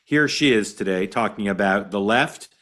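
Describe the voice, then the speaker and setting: A man hosting a political talk show, talking in a conversational, halting way with many restarts. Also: on the low side, fairly bright tone. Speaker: host.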